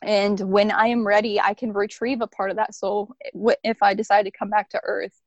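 In a dry, dull, lo-fi recording, a woman at a moderate pace and medium pitch, with little rise or fall, earnestly shares a personal story. She rambles and fills gaps with frequent "like"s.

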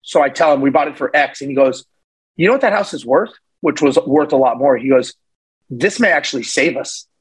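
A man guest on a podcast, telling a story in a casual, animated way and acting out the voices of the people in it. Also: medium pitch, a little fast, husky, poor audio. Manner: animated, acts out voices in his stories. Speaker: podcast guest, real estate investor.

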